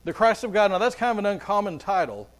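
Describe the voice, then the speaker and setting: A man's voice: high voice, animated, fast. A man preaching a sermon as pastor, earnest, often repeating words as he goes.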